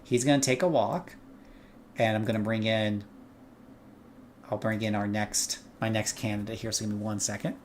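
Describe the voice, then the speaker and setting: A man's voice: on the low side, steady tone, moderate pace, long pauses, a little hiss or hum. A man hosting his own gaming livestream, joking easily and thinking aloud while he plays. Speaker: streamer host. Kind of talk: casual gaming livestream commentary.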